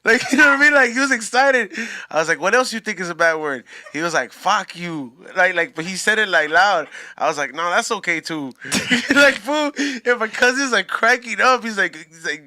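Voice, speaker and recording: A man's voice: high voice, animated, fairly quick, bright, forceful tone, no echo. A man, casually telling a story on a podcast, slangy and full of profanity. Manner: laid-back slangy storytelling with profanity, laughs often. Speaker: podcast host.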